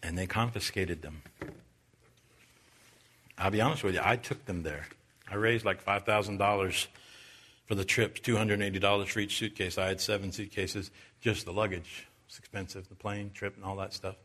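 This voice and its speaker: A man who is a Baptist preacher, giving a sermon that swings from loud, high preaching to quiet storytelling. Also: fairly even intonation, normal speed. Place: church.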